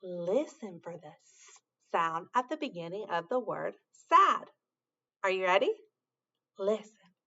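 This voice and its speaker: A woman's voice: mid-range voice, very animated, measured pace, pushed and bright, dull audio. A woman teaching a sound to young children in a patient, encouraging way, with sing-song praise and carefully spelled-out sounds.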